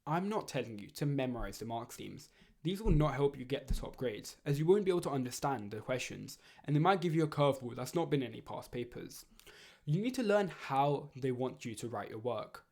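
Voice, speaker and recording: A teenage boy talks through study advice in a measured, scripted narration. His delivery is earnest and steady, with a voice of ordinary pitch for a young man. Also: vocal fry. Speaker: student giving study advice.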